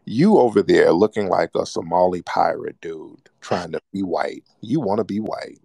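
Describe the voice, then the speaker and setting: Low-voiced mocking male radio host. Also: moderate pace, vocal fry, warm tone, no echo, studio quality. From United States. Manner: mocking, insistent, repeats himself. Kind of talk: heated call-in argument.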